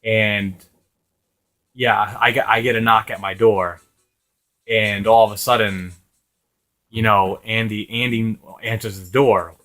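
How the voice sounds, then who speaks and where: Speaking slowly with long pauses, a young man from Rhode Island hosts a gaming channel and rambles through a long story over gameplay, cursing freely and laughing a lot. His voice is fairly low and fairly bright, and his intonation stays fairly even.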